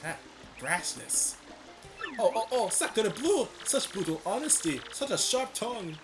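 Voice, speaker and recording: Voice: mid-range voice, very animated, measured pace, voice pushed up. A man doing a smarmy fake-French ladies' man. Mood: flirting. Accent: put-on French. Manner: smarmy, theatrical. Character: sleazy flirtatious male charmer. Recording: game music playing behind.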